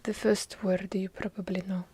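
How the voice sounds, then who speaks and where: A woman with a heavy Russian accent doing whispered ASMR, with dry, deadpan joking asides. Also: mid-range voice, moderate pace, husky, no room sound. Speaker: ASMR creator. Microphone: handheld recorder up close.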